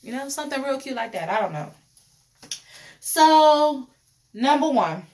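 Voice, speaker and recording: A woman's voice: high voice, big pitch swings, measured pace, a little mellow. A young woman reviews a reality show in casual, opinionated chat, repeating phrases and laughing often.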